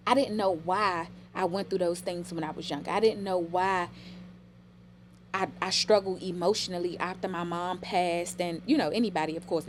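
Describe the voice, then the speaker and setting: A woman's voice: on the low side, a little hiss or hum. Emotional storytelling woman. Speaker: podcast guest. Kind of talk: casual podcast conversation.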